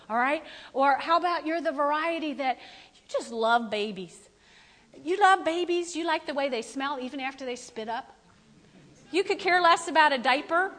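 A woman pastor preaching a sermon in a lively, playful way, talking straight to the congregation. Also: high-pitched, in a large hall. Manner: animated, playful, talks directly to the congregation.

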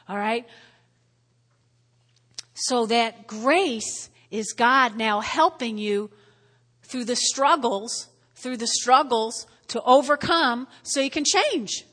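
A woman preaching to a congregation in a high, bright voice. She repeats her key words and calls for responses, dropping to quiet asides before rising to loud emphasis. A long hall reverb follows her lines. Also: takes it slowly. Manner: repetitive, call-and-response, swings from quiet to loud. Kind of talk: sermon.

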